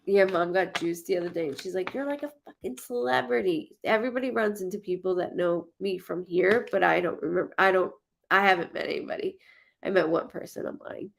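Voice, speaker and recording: A woman psychic chats casually on a live stream, reading viewer comments in a blunt, repetitive way and swearing now and then. Her gravelly voice is on the low side, steady in tone and a little fast.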